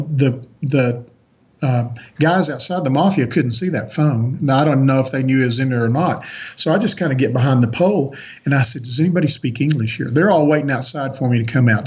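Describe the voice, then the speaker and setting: A man's voice: mid-range voice, darkish tone, slightly rough, muffled recording. A man on a podcast as a guest, earnestly recounting a personal story with frequent restarts.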